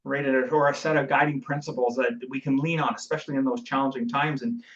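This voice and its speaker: A man's voice: mid-range voice, steady tone, fast, fairly bright tone. A man hosting a podcast, affirming his guest and asking long, reflective, winding questions. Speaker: podcast host. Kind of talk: interview questions. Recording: distant, dull lo-fi mic.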